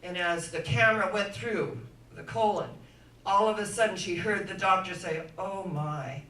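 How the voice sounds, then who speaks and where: A woman giving an inspirational sermon-style talk, telling stories dramatically and swinging from hushed to loud. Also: mid-range voice, normal speed. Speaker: inspirational speaker. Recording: echoey room, voice from far off.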